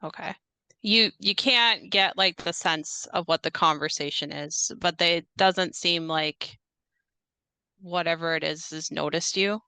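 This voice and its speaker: Young woman running a horror tabletop game, slow and deliberate, bright crisp voice, kinda hesitant, dry sound. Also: lowish voice, no room sound. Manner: slow, measured narration with hesitant fillers. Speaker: game master.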